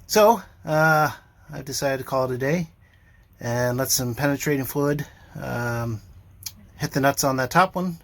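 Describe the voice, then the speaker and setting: Speaking at a measured pace in a medium-pitched, somewhat bright voice, an older boat owner describes refitting his motor inside the sailboat cabin. He keeps the narration casual, dry, and self-deprecating, with frequent fillers.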